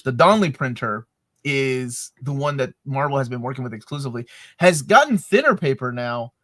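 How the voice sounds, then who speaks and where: Chatty guy co-hosting a live q&a, bright tense voice, kinda high, laughs a lot. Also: no echo, studio quality. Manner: joking, chatty, laughs often. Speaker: co-host. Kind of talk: live Q&A chat.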